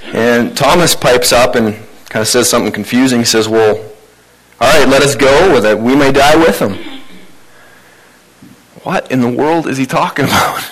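A man's voice: medium pitch, moderate pace, a bit bright, rough recording. A man preaching a sermon in a conversational, informal way. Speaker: pastor.

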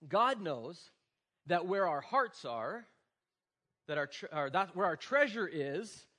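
Forties male pastor, higher-pitched voice, relaxed conversational sermon delivery with light humor. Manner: casual, joking, conversational preaching.

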